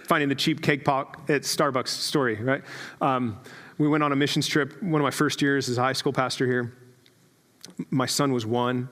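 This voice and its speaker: Male pastor, thirties, chatty self-mocking sermon, slightly high voice, long church reverb. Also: fairly bright tone. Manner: conversational, self-deprecating storytelling with quick asides. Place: church sanctuary.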